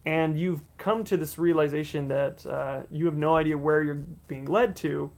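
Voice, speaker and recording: A man running a tabletop role-playing session, describing the scene in a rambling, restart-heavy way. His voice is gravelly with fry and sits somewhat high for a man. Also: steady tone, moderate pace, a little mellow. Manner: rambling, many fillers and restarts. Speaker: game master. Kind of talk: narrating a tabletop game livestream.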